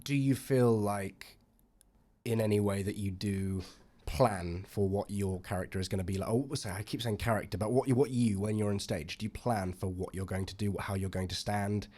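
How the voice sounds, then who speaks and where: A man's voice: lowish voice, fairly even intonation, normal speed, mellow. A young man in his twenties co-hosting a chat podcast, asking curious, probing questions in a supportive way. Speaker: podcast co-host. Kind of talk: casual chat, interviewing co-host.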